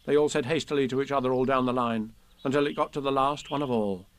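A man reading children's poems and stories aloud with a gentle, measured recitation. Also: medium pitch, steady tone. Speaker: reader.

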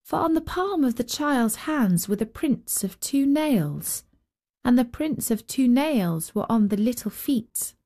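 A woman hosting a storytelling show, reading a children's story in a slow, expressive narration. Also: on the high side. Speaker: storyteller host. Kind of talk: scripted narration.

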